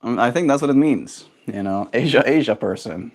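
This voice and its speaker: A man's voice: mid-range voice, lively intonation, fairly quick. Rambling man on a casual stream. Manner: rambling, musing aloud. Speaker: daily livestreamer.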